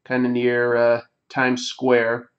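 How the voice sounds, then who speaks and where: A man chatting casually while he draws, with plenty of ums and restarts. He says he is sick. His voice sits at an ordinary middle pitch, and the stream audio is dull and lo-fi. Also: monotone, slow pace. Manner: rambling, many fillers and restarts. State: sick, coughing. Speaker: comic artist livestream host. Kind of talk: casual chat while drawing.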